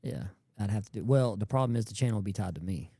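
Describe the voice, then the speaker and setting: A man's voice: fairly low pitch, expressive, quick pace, vocal fry, mellow, no echo, studio quality. A man, a YouTube creator chatting casually on a podcast, rambling and slangy and often repeating words.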